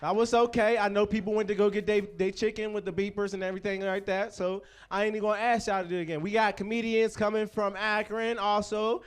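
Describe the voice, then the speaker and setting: A young man hosting a comedy night, his voice high and smooth as he riffs loosely on the crowd. He swears freely and bounces between jokes and audience banter. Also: little pitch movement, fast, hardly any pauses. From Pittsburgh, USA. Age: 20s. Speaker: comedy show host.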